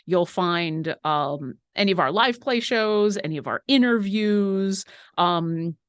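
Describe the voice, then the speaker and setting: A woman's voice: lowish voice, animated, clear, resonant tone, no echo. A woman co-hosting a live painting stream, reading viewer questions and chatting in a rambling, talkative way. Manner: chatty and rambling, quick asides.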